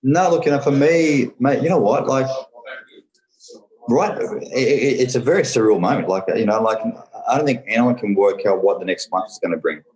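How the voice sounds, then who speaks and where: A man's voice: mid-range voice, moderate pace, a little mellow, echoey room, rough recording. An Australian man talking casually as a podcast guest, rambling with lots of fillers and "mate". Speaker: podcast guest, business owner. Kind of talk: casual interview chat.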